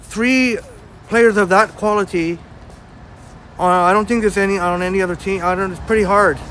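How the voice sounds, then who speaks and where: A man's voice: sits high, fairly even intonation, moderate pace, a bit bright, a little hiss or hum. A man hosting a casual live walking stream outdoors on a city street, chatting and greeting viewers by name. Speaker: livestream host reading viewer chat.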